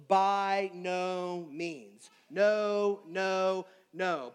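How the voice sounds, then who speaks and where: High-voiced, emphatic male preacher. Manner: emphatic, swinging from loud stresses to near-quiet asides. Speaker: pastor. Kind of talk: sermon.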